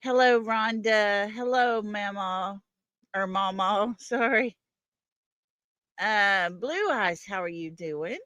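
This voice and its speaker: A woman's voice: medium pitch, takes it slowly, fairly bright tone, clear, resonant tone, dry recording, studio quality. A woman hosting a livestream, greeting viewers one by one in a folksy way. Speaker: livestream host. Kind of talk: casual livestream chat.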